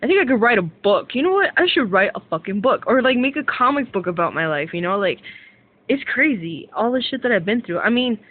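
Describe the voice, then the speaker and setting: A young woman ranting casually to camera as a vlogger, rambling with lots of fillers and swearing excitedly. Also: on the high side, brisk. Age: young adult. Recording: tinny phone-like sound.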